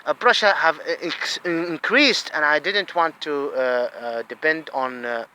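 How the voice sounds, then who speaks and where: A man tells a personal grievance, halting and repeating words with many fillers. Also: fairly high pitch, bright, forceful tone, slight background noise, rough recording. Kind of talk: personal complaint to camera.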